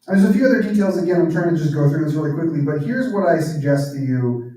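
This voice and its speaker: A guest speaker and author with a mellow, slightly high voice talks fast and expressively in an earnest, reflective church address, dropping to a near-whisper at emotional points. He's far from the microphone, and the hall is heavily echoey.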